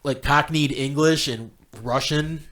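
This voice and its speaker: An American man co-hosting a podcast, rambling slowly and cursing in casual chat. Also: fairly high pitch, fairly even intonation, fairly bright tone. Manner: slow, rambling, profane. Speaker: podcast co-host.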